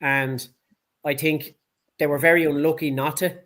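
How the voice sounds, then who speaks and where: A man's voice: fairly high pitch, steady tone, moderate pace, a bit bright. A man with a Dublin accent co-hosting a casual sports chat, blunt, heated and full of swearing. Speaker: podcast co-host.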